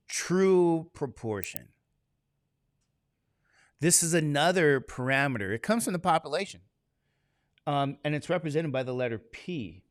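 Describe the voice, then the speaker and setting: A man's voice: a little high, lively intonation, measured pace, long pauses, no echo, studio quality. A man teaching statistics to a classroom, talking casually and constantly quizzing his students with questions. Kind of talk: classroom lecture.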